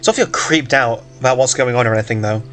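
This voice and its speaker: A man's voice: medium pitch, fast talker, fairly bright tone, soft background music. A man casually reading a story aloud, breaking off for jokes and asides, stumbling over words. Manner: joking, self-interrupting, stumbles and hiccups. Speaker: reader of a story game.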